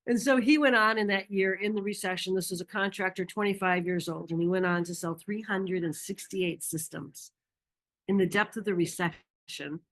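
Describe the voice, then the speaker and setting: A woman presenting a marketing masterclass, energetic and enthusiastic, who acts out quoted dialogue and laughs often. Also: mid-range voice, normal speed. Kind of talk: presentation talk.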